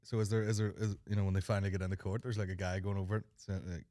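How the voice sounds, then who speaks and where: A man's voice: deep voice, level tone, very fast, warm tone, no echo, studio quality. A man in his thirties with a Northern Irish accent, hosting a comedy podcast with crude, sweary, jokey chat. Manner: crude, sweary and jokey, slipping into mock voices. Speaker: podcast host.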